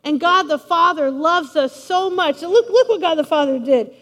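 A woman preacher giving a lively, playful sermon, speaking straight to her congregation in a large church hall. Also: extremely high pitch, normal speed. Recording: long reverb of a large hall.

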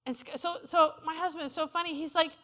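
A woman's voice: very high-pitched, fairly even intonation, quick pace, sharp tone. A woman preaching a sermon in a conversational, humorous way, calling out to the congregation for responses. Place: church sanctuary. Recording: reverberant hall.

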